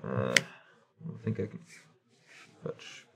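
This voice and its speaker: A man's voice: takes it slowly, a loud crowd. A man playing a card game, giving dry, terse answers to his opponent. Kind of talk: casual table talk during a match.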